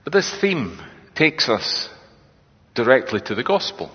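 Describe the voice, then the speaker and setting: A man preaching a sermon in a reflective, conversational way, often quoting lines in a hushed voice. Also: mid-range voice, very animated, a little slow, slightly rough. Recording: echoey hall, dull lo-fi sound.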